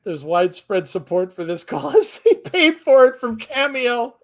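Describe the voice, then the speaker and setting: A man co-hosting a live reaction commentary, excitable, laughing often and gushing with exclamations. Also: very high-pitched, unhurried. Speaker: co-host of a wrestling watchalong.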